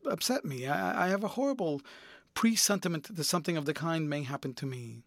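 Man doing a brooding young gentleman, troubled, hesitant, fairly high voice. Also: lively intonation, brisk, no room sound, clean studio sound. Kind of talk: audiobook character reading.

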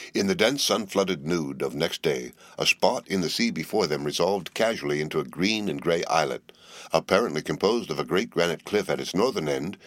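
A man narrating a novel in a measured, unhurried storytelling manner. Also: sits low, fairly bright tone, dry recording. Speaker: audiobook narrator. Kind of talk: scripted narration.

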